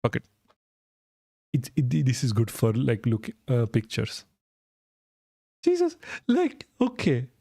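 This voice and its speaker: A man's voice: mid-range voice, fairly even intonation, a little slow, vocal fry, pauses often, mellow, no room sound, clean studio sound. A young man from India streaming, reading news aloud and reacting with sarcastic, swearing commentary and bursts of disbelieving laughter.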